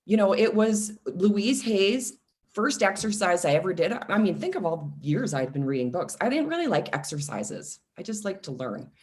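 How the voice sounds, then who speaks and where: A woman in her forties, a self-love coach, talking casually and telling personal stories with lively acted-out quotes. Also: medium pitch, moderate pace. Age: 40s. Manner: animated storytelling, acts out quoted voices. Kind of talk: casual podcast conversation.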